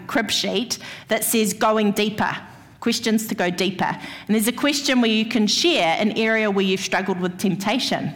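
A woman's voice: medium pitch, big-room sound. A woman gives a church sermon, telling a personal story and speaking straight to the congregation. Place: church hall.

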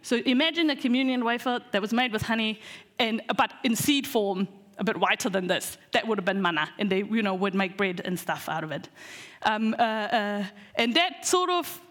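A woman giving a casual Bible talk to her church, chatty and animated, with lots of fillers and restarts. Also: medium pitch, moderate pace, big-room sound. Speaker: preacher teaching a Bible lesson.

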